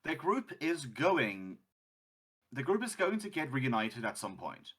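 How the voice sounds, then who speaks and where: Animated male game master. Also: mid-range voice, a little slow, husky. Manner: rambling, self-interrupting. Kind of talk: narrating a tabletop game.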